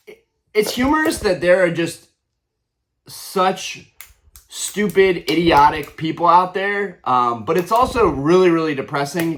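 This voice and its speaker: A man's voice: a little high, fairly bright tone. A young adult man hosting a collector channel, ranting heatedly with lots of fillers and restarts. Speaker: Pokémon card collector channel host. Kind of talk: ranting vlog commentary.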